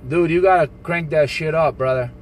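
A man from New Jersey on a CB radio channel, calmly teasing and laughing at a rival. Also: a little high, a little fast, slight background noise, poor audio. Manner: taunting, laughing, calm and teasing. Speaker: CB radio operator recording his channel. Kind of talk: casual radio banter, mocking.

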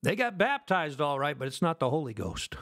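A man preaching a fervent sermon, firing rhetorical questions at his listeners and swinging between loud declarations and hushed lines. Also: fairly high pitch, sing-song, brisk. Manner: asks the audience rhetorical questions.

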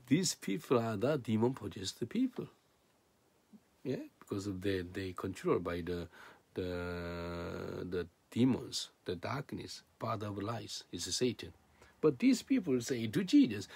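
A man preaching a sermon in broken, non-native English, swinging between loud emphatic peaks and low hushed asides. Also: very animated, measured pace, husky.

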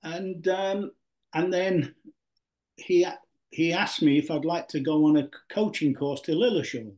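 Older Yorkshire man, slightly high voice, a rambling interview guest with lots of fillers and restarts. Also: a little slow, a little mellow. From Yorkshire, England. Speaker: guest, former footballer. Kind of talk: relaxed storytelling interview.

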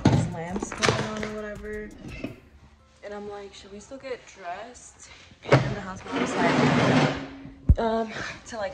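A young woman in a casual vlog, chatting loose and profane with a steady stream of "like" and "um". Her voice sits at an ordinary middle pitch. Music plays clearly behind her the whole time. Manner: loose and profane, heavy with "like" and "um" fillers. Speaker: vlogger and club dancer. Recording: clear background music under the voice. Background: music playing.

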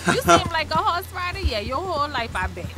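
Old Cajun woman, high voice, folksy broken grammar, wary of strangers, game music behind. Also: big pitch swings, brisk. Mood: chatty. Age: older. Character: older Cajun woman, stranded, chatty and distrustful. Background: game music and horse hooves.

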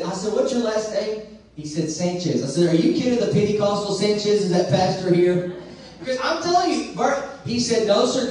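A pastor preaching a sermon, moving from soft, quick storytelling to loud, drawn-out calls. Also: male voice. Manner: preaching that drops to a soft storytelling voice and rises to a loud high call. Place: large church sanctuary. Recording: very echoey church heard from far off.

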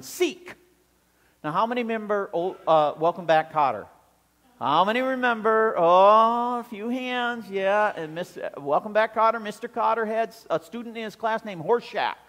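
A man preaching a sermon as pastor, animated and acting out the scenes with voices, heard with long church reverb. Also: sits high.

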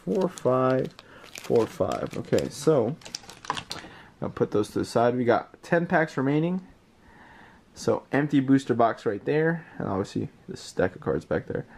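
A man giving casual unboxing commentary, reading card names aloud and getting excited over rare pulls, with words like bro and mate. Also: medium pitch, a little slow, gravelly, a little hiss or hum. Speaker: card collector opening booster packs.

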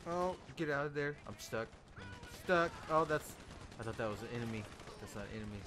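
A young man giving casual, excitable commentary over his own gameplay, swearing and bursting into loud outbursts. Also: medium pitch, fast talker, noisy background. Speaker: gameplay video host.

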